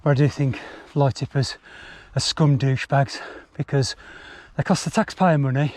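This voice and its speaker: With a medium, slightly mellow voice, fairly even intonation and moderate pace, an English mountain biker talks casually and swears as he rides trails outdoors. A bike camera films him, its mic catching noticeable wind and traffic, though there's no room sound.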